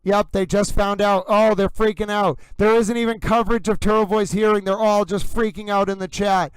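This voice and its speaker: A man hosting a live commentary stream, excitedly reacting in real time and constantly addressing his viewers as "ladies and gentlemen.". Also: high-pitched, normal speed, clean tone, dry recording, low-quality recording. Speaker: livestream host.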